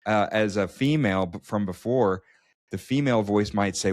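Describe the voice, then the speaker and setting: Male podcast co-host, low voice, dry close sound, halting storyteller. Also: a little mellow, no echo. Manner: storytelling, many restarts and stammers. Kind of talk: casual chat.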